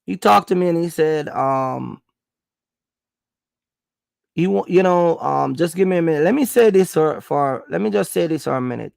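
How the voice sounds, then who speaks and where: A man's voice: fairly high pitch, lively intonation, moderate pace, gravelly, pauses often, a little mellow, no echo, clean studio sound. A man from Jamaica with a Jamaican accent, livestreaming from home as he rambles through a story with lots of fillers, then turns stern and warns his viewers.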